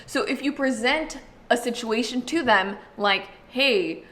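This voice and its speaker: A woman hosting an astrology video, talking casually and explaining to the viewer, full of "like" and quick acted-out quotes. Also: on the high side, fairly bright tone. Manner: chatty, uses lots of "like", acts out quick voices. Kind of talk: casual explanatory talk to camera.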